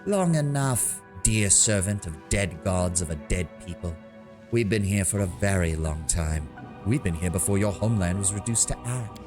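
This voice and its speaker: A man's voice: on the low side, lightly acted. A man voicing a cruel, gloating female demon cultist, reading game dialogue aloud in a mocking, theatrical way.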